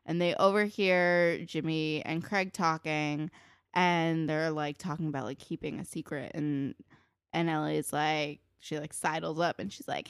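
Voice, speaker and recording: A woman's voice: lowish voice, animated, a little slow, smooth, no room sound, clean studio sound. A young woman in casual chat who vents about a TV character, full of fillers and emphatic swearing. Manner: filler-heavy, profane, emphatic venting. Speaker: podcast co-host.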